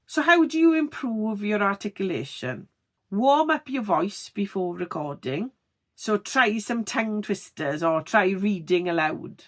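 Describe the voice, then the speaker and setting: A woman giving a tutorial vlog on speaking clearly, expressive and deliberately over-articulating her words. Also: mid-range voice. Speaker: video creator teaching on-camera speaking.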